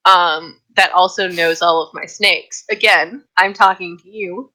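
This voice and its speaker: A woman's voice: fairly low pitch, fairly even intonation, measured pace, noisy background. A woman playing in a tabletop game, chatting in a rambling way with fillers. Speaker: player. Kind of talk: casual chat during a tabletop game.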